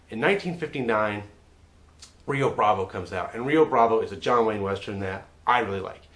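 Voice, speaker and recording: A man's voice: mid-range voice, fairly bright tone. Man, movie reviewer, casual monologue, mid-range voice, chatty with restarts. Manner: chatty, repeats words when restarting.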